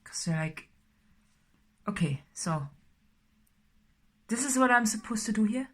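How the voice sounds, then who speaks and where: A woman's voice: mid-range voice, lively intonation, a little slow, fairly bright tone. A woman doing a casual tarot reading, talking in a rambling way with many fillers and sometimes dropping to a whisper. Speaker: tarot reader.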